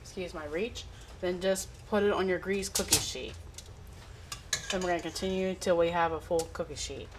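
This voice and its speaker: A middle-aged woman hosting a home cooking video, calmly walking through each step in a friendly, instructional way. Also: fairly low pitch, normal speed, background noise. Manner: friendly instructional, talks with mouth full. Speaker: cooking channel host.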